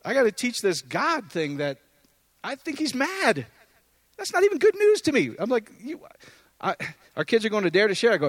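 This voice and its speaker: Animated, chatty male preacher, dry sound. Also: moderate pace, no room sound. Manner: conversational and animated, swinging between loud high bursts and low quiet asides; asks the audience questions often. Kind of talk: casual sermon.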